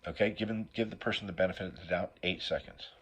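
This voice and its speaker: A middle-aged man with a deep voice tells a hard personal story as a recovery speaker. His tone is husky and slightly sniffly from allergies. He speaks raw and profane, and he keeps checking in with "right?". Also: quick pace, fairly bright tone.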